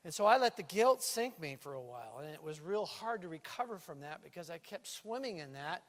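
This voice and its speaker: A male pastor preaching a sermon in a church, lively and playful, with a stage microphone. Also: on the high side, a little fast. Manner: lively preaching with playful put-on island lilt. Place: church sanctuary. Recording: reverberant church hall.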